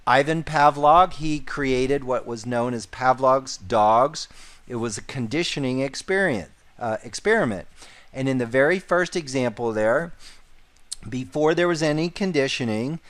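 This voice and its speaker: A man's voice: mid-range voice, fairly bright tone. A man teaching a sales course, repeating key points and stressing important words. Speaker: sales trainer. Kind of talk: instructional course narration.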